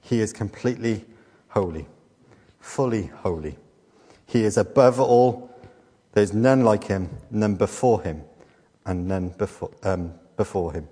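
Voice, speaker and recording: A middle-aged man preaches in a fairly low voice, and a long reverb trails his words around a church hall. He teaches patiently and leans on rhetorical questions and repetition. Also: unhurried, pauses often, dark tone, husky. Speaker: pastor. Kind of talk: sermon.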